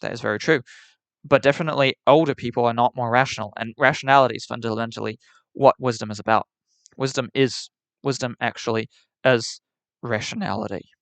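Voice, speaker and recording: Answering chat on his stream, a man voices strong opinions in a fake New Zealand accent, often repeating and restarting words. He talks briskly in a steady, medium-pitched voice that's creaky and a bit bright, with no echo.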